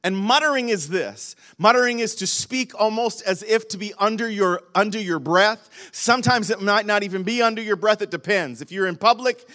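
A man's voice: high-pitched, moderate pace, few pauses, pushed and bright. A man pastor delivering a sermon in a conversational way, with frequent restarts and rhetorical questions to the congregation.

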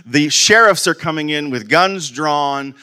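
A man telling a long personal story in a bright, forceful voice. He rambles loosely, stumbling over restarts and leaning on stock fillers. His humour is easygoing and self-mocking. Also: a little high, unhurried, clear, resonant tone. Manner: rambling, repeats "okay, in there" and "and whatnot". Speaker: vlogger.

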